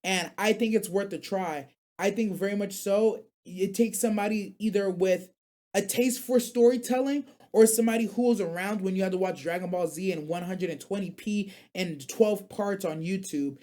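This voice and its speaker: A man's voice: high-pitched, moderate pace, mellow. Male live-stream host, casual and rambly, heavy on slang, reads chat messages out and riffs on them. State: recovering from being sick. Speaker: radio show host.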